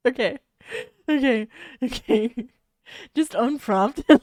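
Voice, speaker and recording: A woman's voice: medium pitch, unhurried, clear, resonant tone, no room sound, studio quality. A woman streamer reading fanfiction aloud and breaking off to react with giggles and exclamations.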